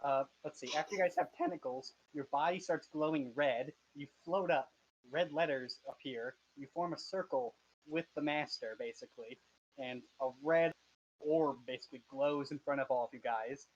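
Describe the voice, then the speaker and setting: A man's voice: fairly high pitch, moderate pace, muffled recording. A man narrating a tabletop game as game master, hesitant and full of fillers. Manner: hesitant, many fillers and restarts.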